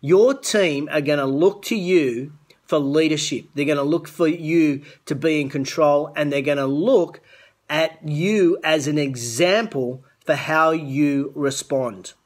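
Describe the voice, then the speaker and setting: A middle-aged man with an Australian accent delivers an earnest motivational talk to camera. His voice sits somewhat high for a man, and he talks like a coach urging his listeners. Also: a little slow. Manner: earnest, coaching, greets viewers by name. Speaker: host of a business show. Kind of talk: live-streamed motivational talk.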